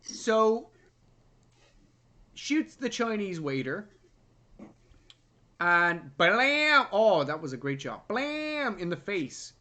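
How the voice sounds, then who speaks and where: Animated man retelling a movie plot. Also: high-pitched, drawn-out words, long pauses. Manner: animated retelling of scenes, jumps into loud put-on character voices. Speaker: podcast co-host. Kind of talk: casual movie review chat.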